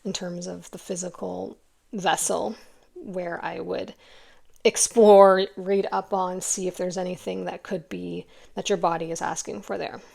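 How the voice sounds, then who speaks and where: A woman's voice: on the low side, steady tone, measured pace, creaky, darkish tone. A middle-aged woman giving a pick-a-card tarot reading in a chatty, emotional, rambling way.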